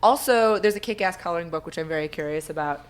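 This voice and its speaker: A woman's voice: fairly low pitch, quick pace, clear, resonant tone. Bawdy, teasing woman podcast host. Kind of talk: casual chat.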